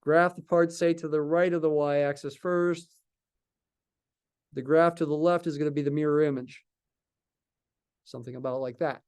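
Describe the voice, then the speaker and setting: Man, math lecturer, slightly high voice, live classroom lecture, thinks aloud, answers his own questions. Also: fairly even intonation, normal speed, pauses often, darkish tone, smooth.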